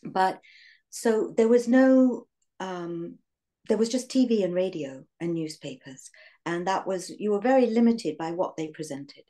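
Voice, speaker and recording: A woman in her sixties with an English accent, reminiscing in an interview in a reflective, halting way with fillers and soft laughs. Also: medium pitch, animated. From England. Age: 60s.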